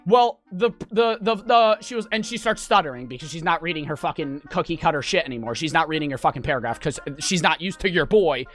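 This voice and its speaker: Bright-voiced swearing streamer ranting. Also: male voice, fairly high pitch, animated, fast, few pauses, soft background music. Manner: profane, fired-up ranting. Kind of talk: storytime rant.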